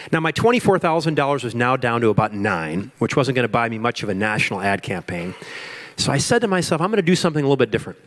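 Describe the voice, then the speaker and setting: Animated man telling a business story. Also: mid-range voice. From Chicago. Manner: animated, acts out his own panic and quotes; asks the audience questions. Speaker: speaker at a business forum. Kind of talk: storytelling keynote talk.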